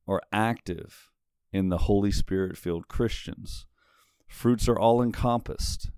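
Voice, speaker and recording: A man preaching a sermon, reading scripture aloud in a measured, emphatic way. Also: fairly low pitch, dark tone, clean tone, dry recording, studio quality.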